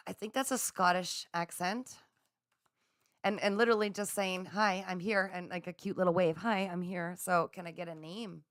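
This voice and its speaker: A woman hosting a live spiritual chat, speaking in a gentle, affirming and soothing way as she reads out viewer comments. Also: fairly low pitch, fairly even intonation, moderate pace, clear, resonant tone, no room sound, clean studio sound. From Canada. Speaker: psychic livestream host.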